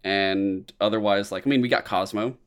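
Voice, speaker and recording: A man's voice: fairly low pitch, steady tone, moderate pace, a bit bright, clear, resonant tone. A young man in casual, profane chat about a movie, acting out quotes from scenes. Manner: laid-back, swears often, acts out quotes.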